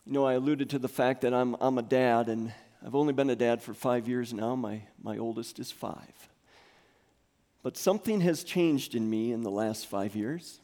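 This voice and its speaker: A man in his thirties preaching a sermon in a church, swinging from soft near-whispers to loud, rising calls. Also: medium pitch, normal speed. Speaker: pastor. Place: church sanctuary.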